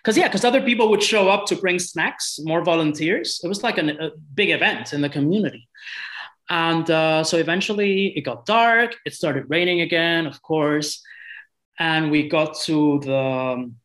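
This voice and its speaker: Halting European man telling a story. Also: fairly high pitch, a bit bright, rough recording. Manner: halting, with many restarts and repeated words. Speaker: guest. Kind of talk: casual storytelling.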